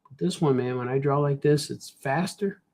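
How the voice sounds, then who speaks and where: A man's voice: medium pitch, normal speed, darkish tone. A man, a cartoonist, chatting casually while he draws, rambling playfully and joking to himself. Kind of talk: casual chat while drawing.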